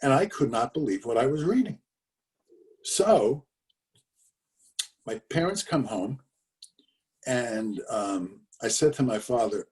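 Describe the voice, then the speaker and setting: A man's voice: mid-range voice, lively intonation, a little slow, long pauses, darkish tone, recorded from a distance. Older man storytelling on a video call. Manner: conversational storyteller with fillers and emphatic repetitions. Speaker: speaker telling his father's story.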